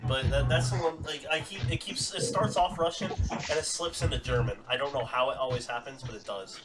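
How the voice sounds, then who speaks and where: A man running a tabletop game as dungeon master, chatty and quick to laugh, talking casually at home. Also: mid-range voice. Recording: distant mic with clear background noise.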